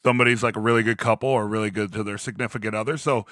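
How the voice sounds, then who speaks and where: Podcast host guy, bright tense voice, laughs a lot, dry room. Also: lowish voice, steady tone, rapid-fire, no echo. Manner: chatty, laughs often. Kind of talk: casual chat.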